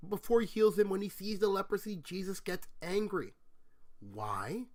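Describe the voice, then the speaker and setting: A man's voice: high-pitched, very animated, normal speed, darkish tone. A man teaching a conversational Bible lesson, retelling stories and explaining them step by step with rhetorical questions. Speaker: Bible speaker answering questions.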